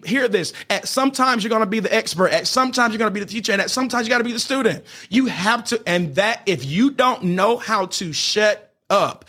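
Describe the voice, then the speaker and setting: High-pitched and bright, his voice carries a forceful tone with a breathy edge. The man runs a relationship advice podcast, teaching with preacher-style emphasis and hammering points with "hear me" and "get this." Stumbles and restarted sentences come often.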